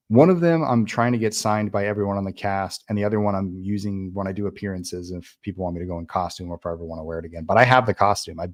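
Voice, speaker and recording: Host, thirties man, lowish voice, blunt and profane, rambling chat over fan questions. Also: a little mellow. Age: 30s. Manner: blunt, swears freely, rambling with many fillers. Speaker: filmmaker hosting a livestream Q&A. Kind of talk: casual livestream chat reading fan comments.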